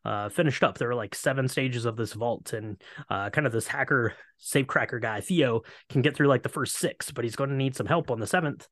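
A man's voice: mid-range voice, fairly quick, hardly any pauses, fairly bright tone, no echo. A man co-hosting a casual chat, retelling a film's plot in a rambling way with lots of fillers. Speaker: podcast co-host. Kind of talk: casual movie recap chat.

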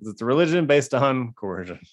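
A man's voice: mid-range voice, animated, moderate pace, lo-fi sound. A man co-hosting a podcast in casual chat, rambling and restarting with wry laughs. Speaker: podcast co-host.

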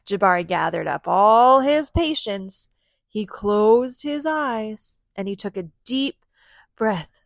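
A woman's voice: mid-range voice, expressive, takes it slowly, creaky, no room sound. A woman reading a storybook aloud to her children, stopping often to ask them questions. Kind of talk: interactive read-aloud to children.

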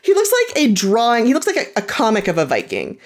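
A woman's voice: fairly high pitch, huge pitch swings, fast. A woman co-hosting a podcast, chatting in a dry, blunt, joking way. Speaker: podcast co-host. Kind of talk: casual chat.

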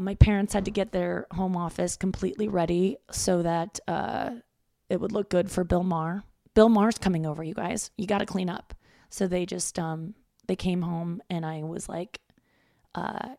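A woman comedian rambles through a solo podcast with a gravelly, fried edge to her voice. She mocks herself and swears freely, and the sound is dry, with almost no room echo. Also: on the low side, moderate pace, a little mellow. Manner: rambling, self-mocking and profane. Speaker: stand-up comic and podcast host. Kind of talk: casual solo podcast monologue. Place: room in her parents' home.

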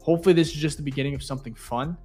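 A man co-hosting a casual sports podcast, relaxed and thankful, rambling with fillers. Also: fairly high pitch, very fast, soft background music. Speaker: podcast co-host.

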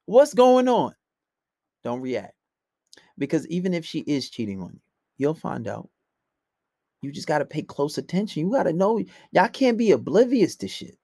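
A man giving blunt, profane dating advice in a casual monologue, swinging between loud outbursts and low mutters. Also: very animated, moderate pace, vocal fry, slightly rough, dry recording, studio quality.

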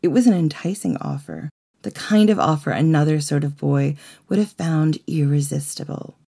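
A woman with a gravelly voice, telling a myth in slow, hushed second-person narration. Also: animated. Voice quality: gravelly, low voice. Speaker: podcast co-host.

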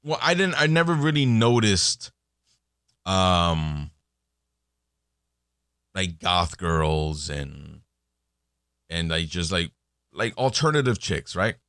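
A man's voice: sits low, big pitch swings, takes it slowly, long pauses, a bit bright, smooth, no echo, clean studio sound. A man in his thirties hosting a podcast, talking in a casual, rambling monologue full of fillers and restarts. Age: 30s. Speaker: podcast host.

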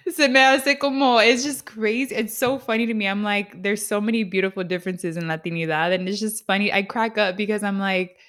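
Host: woman of mid pitch, animated storyteller, slips into Spanish, quick to laugh. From San Diego, US. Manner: lively storyteller, switches into Spanish, laughs easily. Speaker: podcast host. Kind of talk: casual chat.

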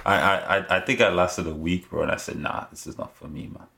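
A man's voice: low voice, brisk, gravelly, bright, forceful tone. A young man co-hosting a podcast, talking in a laid-back, casual way with plenty of swearing and laughter. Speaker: podcast co-host. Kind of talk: casual chat.

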